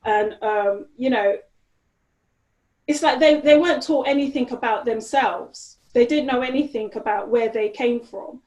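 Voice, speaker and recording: A woman's voice: a little high, measured pace, darkish tone. Lady being interviewed, lots of um and you know, kinda echoey room. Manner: chatty, lots of fillers and restarts. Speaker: interview guest. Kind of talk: casual conversational interview. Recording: roomy echo.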